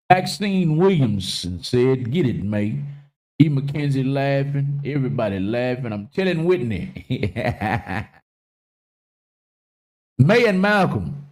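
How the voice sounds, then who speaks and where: A man hosting a casual live-stream talk show, joking loudly, swearing freely and reading viewer comments aloud. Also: a little high. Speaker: livestream talk show host.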